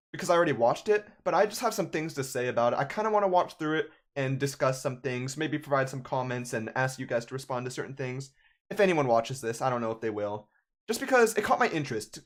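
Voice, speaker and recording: A young man in his twenties, a gaming YouTuber, ranting in casual, sarcastic commentary. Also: on the high side.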